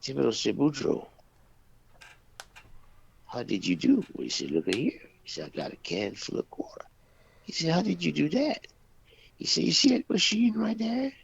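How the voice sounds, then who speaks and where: A man co-hosting a talk radio show, telling jokes in a folksy, drawn-out way and voicing the characters' dialogue. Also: a little high, very animated, vocal fry, slight background noise. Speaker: radio co-host. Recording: dull, lo-fi dry radio recording.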